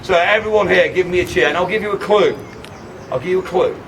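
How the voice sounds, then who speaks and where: A man performs a comic costumed show at a castle gate, teasing the audience and leading shouted battle cries. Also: high voice, fast talker. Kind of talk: live comic crowd-work show. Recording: distant handheld recording with loud wind. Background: crowd of visitors and wind noise.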